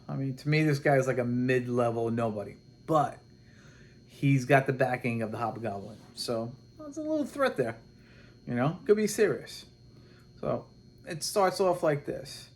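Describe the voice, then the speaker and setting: A man casually recapping a comic book plot, animated and rambling, acting out the characters' lines as he goes. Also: medium pitch, slight background noise. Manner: rambling and animated, with many restarts and quoted dialogue.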